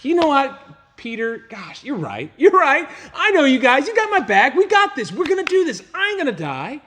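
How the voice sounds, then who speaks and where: Brief: male preacher playing a giddy, cheering Jesus, pitched way up and loud, all hype. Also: huge pitch swings, normal speed, heavily acted. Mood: pumped up. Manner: gushing, loud, high and hyped. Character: overexcited cheering male Jesus, gushing praise.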